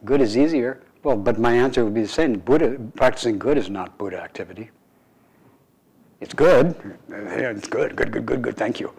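A man, a meditation teacher, giving a relaxed dharma talk to a group with playful, wry asides. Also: medium pitch, brisk, vocal fry, hardly any pauses, slightly rough, poor audio.

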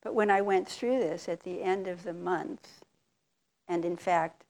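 Slow, gravelly-voiced older woman. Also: on the low side, fairly even intonation. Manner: slow, reflective, candid, with soft laughs. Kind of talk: personal storytelling talk.

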